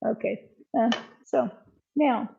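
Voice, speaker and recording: A woman's voice: a little high, takes it slowly, vocal fry, mellow, lo-fi sound, slight background noise. Chatty woman cooking on a livestream. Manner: chatty, talks to viewers while cooking, frequent ums. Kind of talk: casual live cooking chat. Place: home kitchen.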